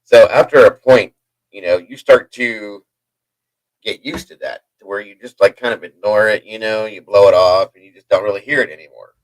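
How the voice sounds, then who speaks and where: Male livestream host, lowish voice, dry close sound; hyper, rambling storyteller who keeps chatting to viewers. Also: fairly even intonation, normal speed, dry recording, low-quality recording. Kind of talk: casual storytelling to a live chat.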